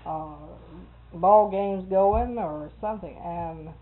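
A woman's voice: lowish voice, slow pace. A middle-aged woman, chatting casually and telling rambling stories with frequent laughs. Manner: chatty storyteller, laughs often. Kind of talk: casual conversation. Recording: phone-like narrow band.

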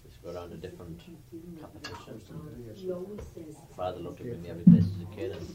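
A man's voice: medium pitch, very animated, fairly quick, over music. A man from Ireland, a musician, telling jokes and laughing through his punchlines in casual talk.

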